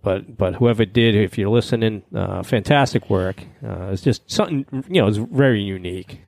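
A man hosting a casual hobby podcast, talking in a relaxed way with plenty of fillers. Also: lowish voice, moderate pace, creaky, dry recording. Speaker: podcast host. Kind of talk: casual chat.

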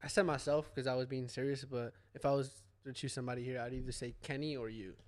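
A man's voice: medium pitch, little pitch movement, fast. A man co-hosting a casual podcast, playfully hyping the others. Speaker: podcast co-host. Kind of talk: casual chat.

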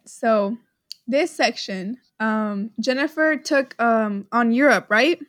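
Bubbly high-voiced Texan woman. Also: slow, dry recording, studio quality. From Texas. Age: young adult. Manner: bubbly, giggly, full of fillers. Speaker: podcast co-host. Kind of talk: casual chat.

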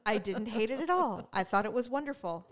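Her voice on the high side and her pace a little fast, a middle-aged podcast co-host tells stories in easygoing chat. She voices what people said with animation and laughs often.

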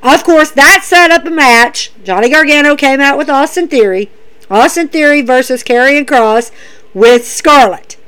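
A woman casually recapping wrestling events, animated, dropping her voice to act out what the wrestlers say. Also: moderate pace. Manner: animated, acts out wrestlers' lines in a lowered voice.

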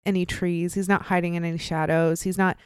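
A young woman narrates a true-crime story to her co-host, loose and animated, dropping swear words and slipping into quick voices for the people she describes. Her voice is smooth and resonant. The sound is close and dry, with no room around it. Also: lowish voice, dry recording. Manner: animated, profane, acts out quoted voices. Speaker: podcast co-host.

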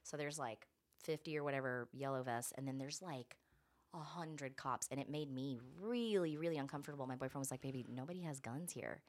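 Podcast guest: young woman, low pitch, lively profane storyteller. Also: fairly quick. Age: young adult. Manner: animated, profane, acts out quotes. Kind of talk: casual storytelling chat.

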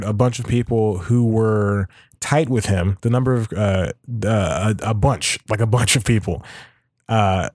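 A man's voice: lowish voice, darkish tone, dry recording. Male podcast host, casual and rambling, laughs through his reading, dry close mic. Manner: chuckles often while reading, rambling self-corrections. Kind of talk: casual solo commentary, reading an article aloud.

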